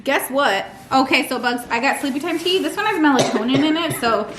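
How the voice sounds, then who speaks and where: A woman's voice: sits high, animated, fairly quick, a bit bright, slight background noise. Chatty young woman vlogging from her kitchen. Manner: chatty and rambling, with frequent restarts. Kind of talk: casual chat to camera.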